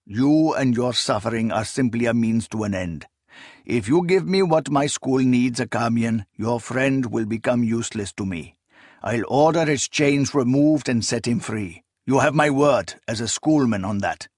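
A man voicing a cold, calculating male sorcerer spymaster who speaks in a calm, measured, quietly menacing way in an audiobook. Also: medium pitch, no echo, studio quality, close to an everyday voice. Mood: coolly persuasive.

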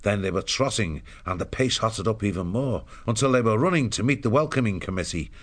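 A man narrating an audiobook in a steady, measured storytelling voice. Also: fairly low pitch.

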